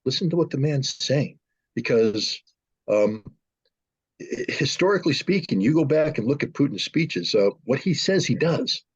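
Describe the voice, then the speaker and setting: A man's voice: medium pitch, lively intonation, normal speed, breathy edge. A man giving blunt, emphatic political commentary as a guest analyst on a video call. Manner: blunt and emphatic, mimics politicians in raised voices. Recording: muffled lo-fi call audio.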